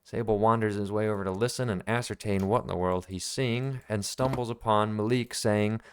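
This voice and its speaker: A man's voice: fairly low pitch, steady tone, normal speed, clean tone. A man running a tabletop game as game master, narrating the scene in a casual, rambling way with fillers, at a home desk.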